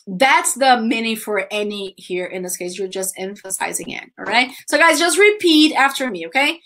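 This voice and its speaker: A woman's voice: a little high, animated, moderate pace, few pauses, fairly bright tone. A woman whose first language is Portuguese, teaching a live online English grammar lesson in a chatty, repetitive way and often calling her students "guys.".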